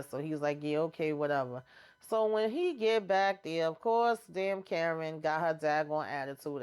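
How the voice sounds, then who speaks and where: A woman with a low, smooth voice walks through a TV episode in a relaxed, chatty recap. She keeps slipping into the characters' lines as quoted dialogue, full of slang and asides. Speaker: TV episode recapper, channel host.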